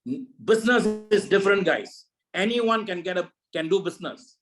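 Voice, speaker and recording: A man's voice: high-pitched, normal speed, rough recording. A man leading a network marketing meeting over a video call, giving a preachy motivational talk full of repeated rhetorical questions.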